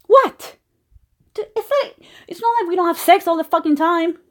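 A young woman acting a jealous, foul-mouthed girlfriend in an audio role-play, swearing constantly and swinging between low mutters and shouting. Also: moderate pace. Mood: yelling.

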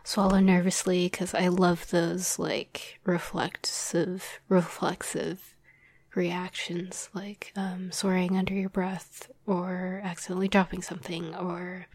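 Young woman, whispered role-play talk, breathy and dry, slow and flat, rambling with fillers. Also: lowish voice, no room sound. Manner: soft rambling whisper with many fillers and light laughs. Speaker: audio drama script writer.

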